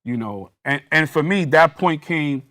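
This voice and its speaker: A man's voice: fairly high pitch, expressive, a little slow, sharp tone. A man telling a personal story in a panel discussion, acting out the dialogue with rising intensity. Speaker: guest recounting a police interrogation.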